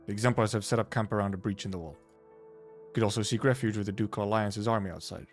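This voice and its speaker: A man voicing a weary wanderer, low, flat, terse, guarded, storybook reading. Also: fast, faint music behind, lightly acted.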